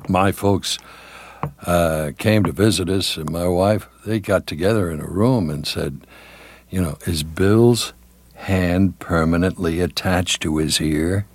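A man's voice: low-pitched, takes it slowly. An older man, a veteran television announcer, reminiscing in an interview with many fillers and restarts.

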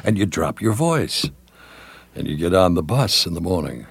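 A man's voice: deep voice, expressive, normal speed, gravelly, breathy edge, dry recording. An older man, a veteran television announcer, reminiscing in an interview with many fillers and restarts.

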